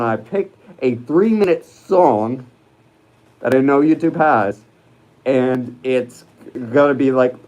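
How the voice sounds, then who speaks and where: Mellow-voiced man rambling on a livestream. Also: medium pitch, highs cut off. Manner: rambling and hesitant, many fillers and restarts; chats with viewers while reading live comments. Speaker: livestream host. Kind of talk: casual livestream chat.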